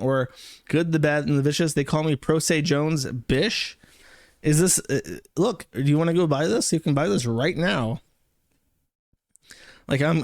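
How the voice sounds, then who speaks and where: Male host, casual mocking commentary, a bit high-pitched, dry close mic. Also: vocal fry, no echo. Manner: mocking, rambling.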